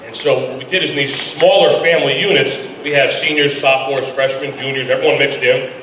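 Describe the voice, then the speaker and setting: A man, a high school football coach, giving a casual, folksy speech to a booster club. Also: steady tone, a little fast, fairly bright tone, a little hiss or hum. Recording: echoey hall, voice from far off.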